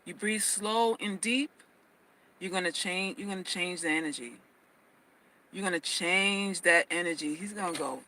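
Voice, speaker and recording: Woman host, bright tone, emphatic casual livestream advice, repeats herself. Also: fairly low pitch, moderate pace, a little hiss or hum, rough recording. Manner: emphatic, repeats phrases, stammers on restarts.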